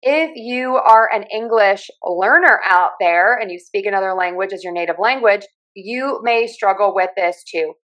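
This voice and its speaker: A woman's voice: medium pitch, moderate pace, few pauses, fairly bright tone, poor audio. Pittsburgh-accented woman explaining speech sounds. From Pittsburgh, USA. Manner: clear, friendly teacher who demonstrates sounds. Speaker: speech pathologist and communication coach.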